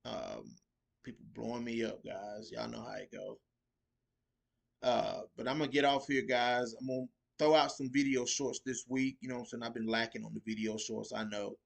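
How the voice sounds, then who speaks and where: A relaxed man hosting a podcast chat, his talk loose and full of slang. He laughs easily and his voice sits at a middle pitch, neither high nor low. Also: normal speed, vocal fry. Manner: laid-back slangy talk, laughs often. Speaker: podcast host.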